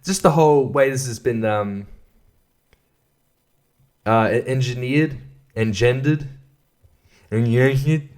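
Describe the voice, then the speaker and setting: A man talking alone into a podcast mic at an everyday middle pitch, ranting with plenty of swearing. He rambles, laughs at his own lines, and trips over his words as he restarts sentences. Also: slow pace, long pauses, a little mellow. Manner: profane, rambling, laughs often, stammers and restarts. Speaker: podcast host. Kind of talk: solo rant podcast.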